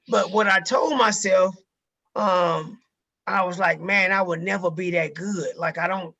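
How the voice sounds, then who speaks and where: A man's voice: sits high, vocal fry, pushed and bright, slightly rough. A man giving a casual sales training talk to a group, emphatic and repeating key phrases, with casual swearing.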